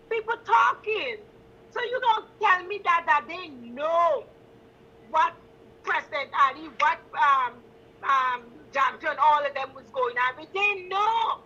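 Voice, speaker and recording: A woman's voice: high voice, expressive, measured pace, bright, forceful tone, lo-fi sound. A woman from Guyana with a Guyanese accent, calling into a talk show and speaking with passion, repeating her points for emphasis. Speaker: caller. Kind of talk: impassioned call-in talk.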